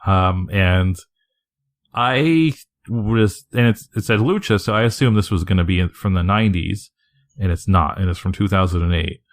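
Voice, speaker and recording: A man's voice: deep voice, moderate pace. A man co-hosting a wrestling podcast in casual, rambling chat, swearing freely and laughing often. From Northeast US. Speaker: podcast co-host.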